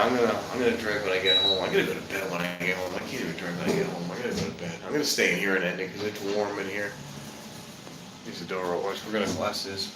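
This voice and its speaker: A man with a lowish voice that sounds pushed and bright runs a casual handheld-phone live stream. He moves from the cold night air into an elevator, rambling, joking, and promising over and over to wrap things up. Echoey room sound and distinct background noise are audible.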